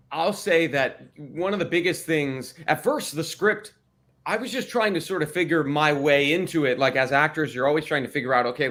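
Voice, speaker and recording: Chatty American man, slightly high voice. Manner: chatty, laughs often, lively storytelling. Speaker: cast member on a livestream. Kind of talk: casual livestream chat.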